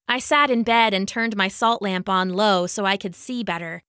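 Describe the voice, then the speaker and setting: A woman gently narrating a children's bedtime story with expressive delivery. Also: mid-range voice, moderate pace, few pauses, smooth, no echo, clean studio sound.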